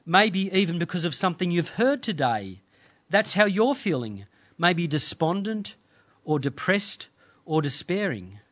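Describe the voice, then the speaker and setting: A man delivering a sermon in a slightly higher-pitched voice. He speaks in measured, earnest phrases, pausing often to let scripture sink in. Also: a bit bright. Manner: measured, earnest preaching with dramatic pauses. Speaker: pastor.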